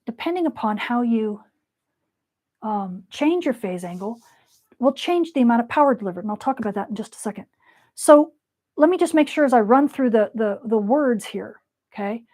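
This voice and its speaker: A woman teaching a lecture with playful, lively explanations. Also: fairly high pitch.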